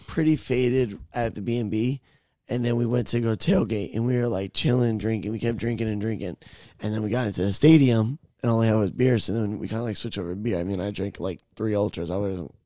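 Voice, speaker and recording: A man's voice: lowish voice, darkish tone, no room sound, studio quality. A young man co-hosting a podcast, telling a rowdy, profane story in a casual chat. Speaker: podcast co-host.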